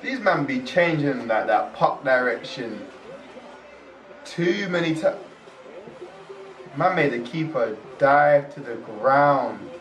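A young man hosting a casual reaction video, excitable and exclaiming in slang, recorded in a roomy space away from the mic. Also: mid-range voice, takes it slowly, pauses often. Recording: roomy echo, distant from mic.

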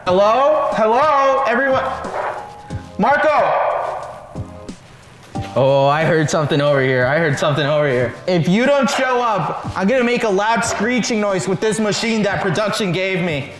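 A man seeking hiders in a game, joking, pleading and yelling mock police calls. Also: high voice, expressive, normal speed, music in the background. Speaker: seeker in a hide-and-seek video. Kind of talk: playful game commentary.

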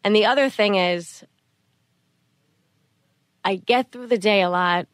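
A middle-aged woman, a mother, speaking as an interview guest in a soft, earnest way, often repeating her phrases. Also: mid-range voice, a little slow, smooth, no room sound. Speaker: guest, mother of a sick child. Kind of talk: interview conversation.

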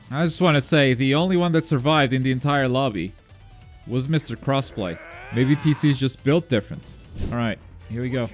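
A man commentating his own online game as he plays, talking to himself, muttering asides and then yelping loudly when things go wrong. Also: on the high side, normal speed, faint music behind. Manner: excitable, swings from mumbled asides to loud yelps. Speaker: gaming YouTuber. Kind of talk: live gameplay commentary.

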